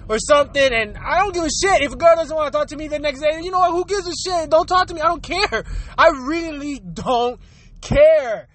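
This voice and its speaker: A man's voice: very high-pitched, brisk, a bit bright, a little hiss or hum. A young man ranting casually and bluntly, swearing and laughing often as he talks. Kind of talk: casual rant.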